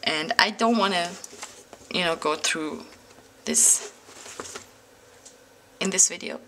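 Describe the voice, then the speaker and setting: A woman's voice: lowish voice, slow, bright, forceful tone, slight background noise. A woman with a German accent, a German native speaker, chatting casually to camera about her planners, hesitant with many ums and some lip smacking. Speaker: planner vlogger.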